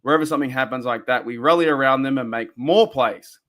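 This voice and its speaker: An Australian man hosts a casual fan live stream, talking into a desk microphone. He rambles and gets excitable, breaking off to answer his chat viewers. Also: mid-range voice, quick pace. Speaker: fan podcast host.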